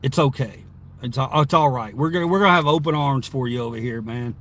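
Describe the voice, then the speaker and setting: A man's voice: medium pitch, brisk, fairly bright tone. A man live streaming from inside his car, reading viewer chat aloud and answering it in a rambling, chatty way with frequent laughs.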